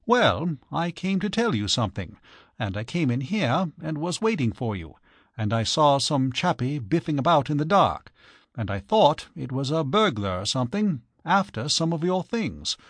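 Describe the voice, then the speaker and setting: A chirpy young English gentleman, as a man reads him, rattling along in airy slang. His voice rides high and swoops up and down, close and dry. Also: sing-song, dry recording. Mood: apologetic. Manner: breezy upper-class slang, fast and bright.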